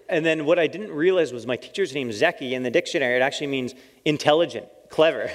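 A man giving a lively storytelling talk as a missionary, acting out his own quoted lines and laughing often. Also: mid-range voice, fairly quick. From Canada. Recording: long hall reverb.

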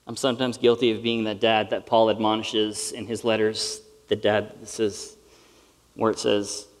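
A middle-aged man preaching a sermon to a live audience, in a conversational, earnest and self-deprecating way. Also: mid-range voice. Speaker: pastor. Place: large hall with live audience. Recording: reverberant hall.

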